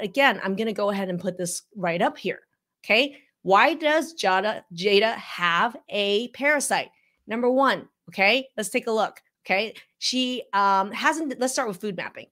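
A woman's voice: mid-range voice, normal speed. Emphatic woman giving reaction commentary. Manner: emphatic, animated, teacherly; frequent "okay?" check-ins. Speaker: functional medicine practitioner.

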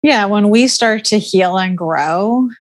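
A woman's voice: mid-range voice, slow pace. A middle-aged woman talking casually as a guest, chatty and laughing often, full of filler words. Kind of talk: casual podcast conversation.

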